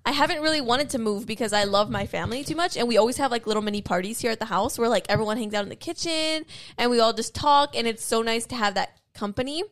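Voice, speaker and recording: A woman's voice: a little high, quick pace, a bit bright. A young woman in her twenties, a YouTuber, chatting casually and filling her talk with "like". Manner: chatty, says like a lot. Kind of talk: casual chat.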